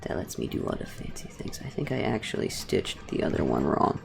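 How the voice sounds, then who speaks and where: Sitting on the couch in her living room, a woman live-streams herself embroidering fursuit badges, chatting casually, rambling, and swearing now and then. Her voice is extremely low, gravelly, and darkish, with a sing-song, slightly fast delivery, and faint music plays behind her.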